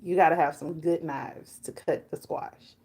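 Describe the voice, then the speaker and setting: A woman's voice: deep voice, measured pace. Chatty woman in her forties. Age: 40s. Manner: chatty and animated, talks baby talk to her dog. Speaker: beauty and hair vlogger. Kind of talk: casual chat.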